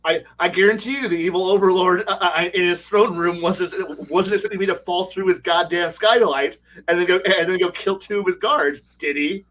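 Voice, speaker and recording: A man's voice: sits high, fairly even intonation, brisk, hardly any pauses, a bit bright. A man voicing a brash male fighter who loves a brawl, boastful and smug.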